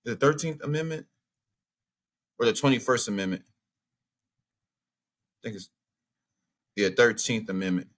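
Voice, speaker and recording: A man's voice: mid-range voice, measured pace, pauses often. A man hosting a casual, outspoken reaction commentary, thinking aloud as he looks things up and reads passages. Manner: animated, outspoken, thinks aloud while browsing maps and texts. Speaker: commentary channel host.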